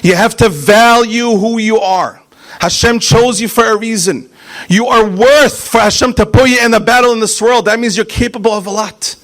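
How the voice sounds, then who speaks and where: A man, a rabbi, preaching a fiery sermon, punching out single words and then dropping to quiet asides. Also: high voice, normal speed. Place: synagogue.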